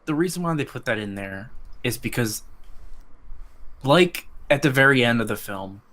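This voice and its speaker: A man chatting casually as a podcast guest, voice in a middle register. He rambles and restarts often, hunting for words, and gets loud and excited when something thrills him. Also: medium pitch, moderate pace. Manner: animated, rambling, many restarts and fillers. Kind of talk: casual chat.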